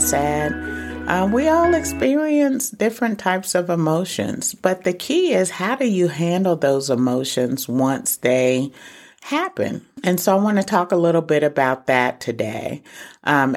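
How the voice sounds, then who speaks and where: A woman's voice: low-pitched, a little mellow. A middle-aged woman hosting a casual solo podcast, talking earnestly and encouragingly straight to her listeners. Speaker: podcast host for single moms.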